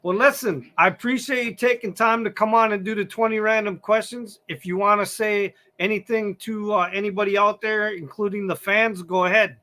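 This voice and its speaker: A male podcast host works through a list of numbered questions. His voice is high and bright. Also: fairly even intonation, normal speed, few pauses. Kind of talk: interview questions.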